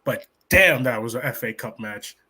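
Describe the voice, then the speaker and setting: An American man on a football podcast panel, talking in an excited, hyped way and swearing freely. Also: mid-range voice, moderate pace, slightly rough. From United States. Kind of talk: excited match-reaction chat.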